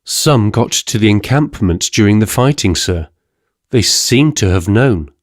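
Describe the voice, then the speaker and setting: A man's voice: fairly low pitch, expressive, unhurried, dry recording, studio quality. A man voicing a respectful young male messenger who keeps addressing his listener as sir, in an audiobook. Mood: grave, respectful. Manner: deferential, keeps saying sir.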